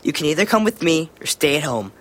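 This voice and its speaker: A bold, scheming kid in a radio drama, laying out plans with calm determination. The voice sits fairly low but moves a great deal in pitch. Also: female voice, fast talker. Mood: determined. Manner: determined, plotting, matter-of-fact. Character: bold, scheming kid club vice president.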